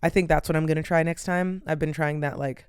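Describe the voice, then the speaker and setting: Young woman podcast host, tired and yawning, loose rambling chat; very smooth, resonant tone, dry close sound. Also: low-pitched, steady tone, fairly quick, no room sound. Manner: rambling, lots of "like" and "um". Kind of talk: casual solo chat.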